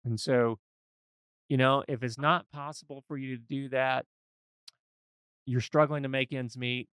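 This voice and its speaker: A man's voice: medium pitch, steady tone, measured pace, fairly bright tone, clean tone, no room sound, clean studio sound. A man hosting a podcast as a financial advisor, talking in a folksy, earnest and emphatic way. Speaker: financial advisor and show host. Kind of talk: conversational podcast discussion.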